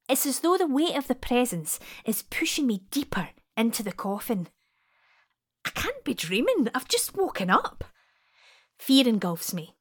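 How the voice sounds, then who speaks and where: A Scottish woman narrating a dreamlike first-person story, speaking softly and often in a whisper, with the odd swear word. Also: fairly high pitch.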